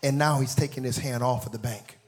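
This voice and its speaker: A man in his forties preaching a sermon, telling a story with acted-out voices and building to shouted, sing-song peaks. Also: mid-range voice, fairly even intonation, fairly quick. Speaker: pastor.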